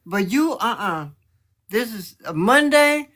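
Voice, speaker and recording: A woman's voice: fairly high pitch, very animated, slow pace, fairly bright tone. A woman, calling in to a livestream and scolding firmly in a motherly way. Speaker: caller on a livestream. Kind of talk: casual chat.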